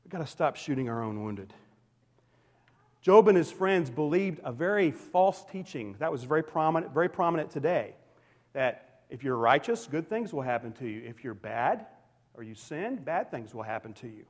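A male pastor preaching a sermon in a church, emphatic and swinging between loud declarations and hushed, quiet lines. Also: on the high side, animated, normal speed. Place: church sanctuary. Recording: long hall reverb.

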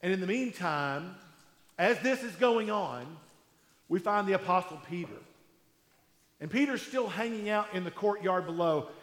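A man preaching a sermon in a conversational storytelling way, with emphatic pauses, in a large hall. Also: high-pitched, expressive, fairly bright tone. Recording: echoey hall with long reverb.

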